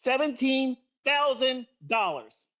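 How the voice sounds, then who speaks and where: A middle-aged man tears into his listeners in a profane livestream rant, lecturing hard about trading. His voice sits high and leaps all over the place. The stream audio is dull and lo-fi. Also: animated, slow, fairly bright tone. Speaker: trading educator.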